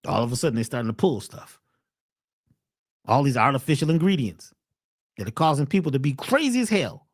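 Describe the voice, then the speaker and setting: This woman's voice is slightly rough, fairly quick, and broken by frequent pauses, captured dry at studio quality. A wellness speaker and host, she holds forth in a preachy, slangy monologue, emphatic and animated in pitch, tossing out rhetorical questions.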